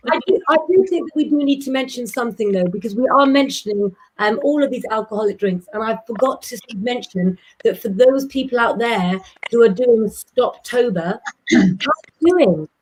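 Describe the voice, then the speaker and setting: A woman's voice: fairly high pitch, a little fast, few pauses, slightly rough, rough recording. A woman hosting a casual live chat, talking in a playful, rambling way and tripping over her words. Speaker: host.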